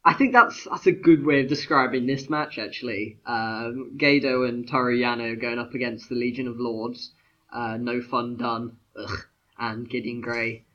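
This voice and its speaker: A man's voice: mid-range voice, steady tone, normal speed, fairly bright tone, lo-fi sound. A man co-hosting a casual chat podcast, rambling with lots of fillers and restarts. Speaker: podcast co-host.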